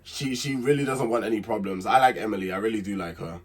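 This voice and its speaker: A young man talks through a reality show recap in a low, husky voice. His delivery is loose and unscripted, full of fillers and restarts, and it grows emphatic whenever he shares a strong opinion. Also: fast. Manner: chatty and candid, with fillers and repeats; emphatic when giving opinions. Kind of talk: casual recap commentary.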